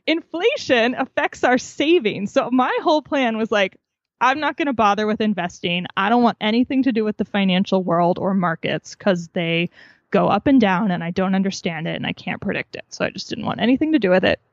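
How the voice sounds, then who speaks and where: A woman's voice: medium pitch, brisk, dry recording. A woman author telling her story in a podcast interview, candid and chatty, laughing at herself. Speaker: author and guest. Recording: dull, dry sound.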